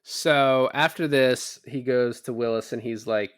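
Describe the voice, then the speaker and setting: Speaking at a measured pace with fairly even intonation, this man has a clear, resonant, mid-range voice. He co-hosts a podcast, casually recapping a film, acting out its lines and swearing freely. The studio sound is clean with no echo.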